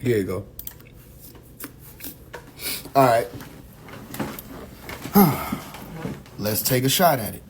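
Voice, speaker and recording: Male livestream host, rambling and profane, mid pitch. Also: big pitch swings, a little hiss or hum. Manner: loose, rambling, profane, with quick asides and laughs. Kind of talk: casual livestream talk.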